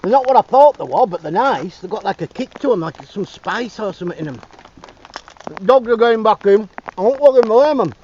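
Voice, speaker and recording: A man's voice: high voice, lively intonation, brisk, darkish tone. A man chatting casually while driving, blunt and sweary, talking to his dogs in between. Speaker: vlogger. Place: inside a car on the road. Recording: slightly dull, faint road noise.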